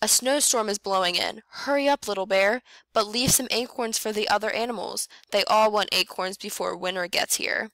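A woman reads a children's picture book aloud in a bright, crisp voice. She takes her time, speaks each word clearly and jumps up in pitch to play the squeaks and growls of the animals. The sound is dry and close. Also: steady tone, moderate pace, hardly any pauses, no room sound. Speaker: first grade teacher reading aloud.

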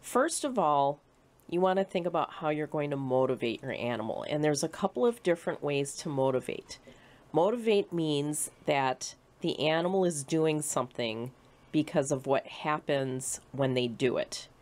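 Low-voiced woman teaching kids. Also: animated, normal speed, darkish tone. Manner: clear, patient explaining with playful acted quotes. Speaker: humane society educator. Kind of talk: presentation to children.

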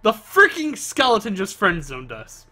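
A man's voice: high-pitched, huge pitch swings, unhurried, pushed and bright, faint music behind. Laid-back joking man, game commentary. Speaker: let's player. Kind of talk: casual gameplay commentary.

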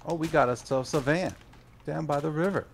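A man's voice: fairly high pitch, moderate pace, slight background noise. A man playing a co-op zombie game with a friend, answering briefly and tossing in dry jokes. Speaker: co-player. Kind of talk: casual gameplay chat.

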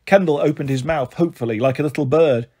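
A man reading a children's novel aloud with steady first-person narration. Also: on the high side, quick pace, slightly rough. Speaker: storyteller.

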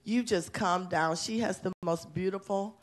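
An enthusiastic woman principal speaking at a council meeting. She talks in a chatty, warm-hearted rush and often breaks into laughter. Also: lowish voice, a little slow. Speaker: elementary school principal. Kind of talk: award presentation speech. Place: city council chamber.

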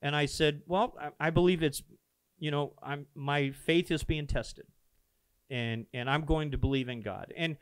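A man, a pastor, telling a founding story in a casual podcast conversation, earnest and animated, acting out the dialogue. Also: fairly high pitch, unhurried, smooth, no echo. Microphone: podcast microphone.

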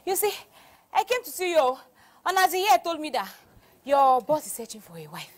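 A woman's voice: high-pitched, very animated, moderate pace. A woman playing a scheming young gold-digger who talks boastfully and scornfully.

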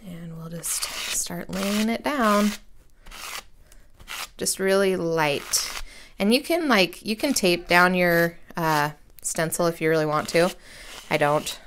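A woman's voice: on the low side, takes it slowly, noisy background. A woman in her thirties chatting casually through a crafting tutorial at her home desk, rambling and self-deprecating with slangy asides. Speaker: crafting vlogger.

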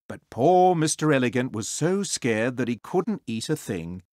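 Slow, expressive storybook narrator. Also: mid-range voice, no echo, studio quality. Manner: expressive, sing-song. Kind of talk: children's story read-aloud.

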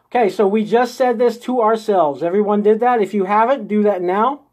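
A man's voice: high voice, normal speed, a little mellow. A man leading a live-streamed spiritual coaching session. He talks his viewers step by step through an inner exercise and keeps checking in with a coaxing "okay?" or "right?" every few sentences. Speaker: host of a live group session.

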